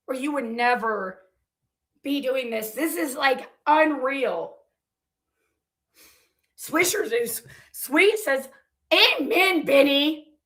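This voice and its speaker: A woman vlogger reading viewer comments aloud and reacting with heated, profane, confrontational ranting. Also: sits high.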